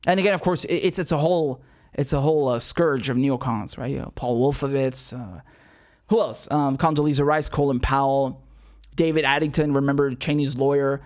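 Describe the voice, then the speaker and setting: A young man hosting a casual political commentary show. He talks in an animated, sarcastic way, laughs often and repeats himself. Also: mid-range voice, a little fast.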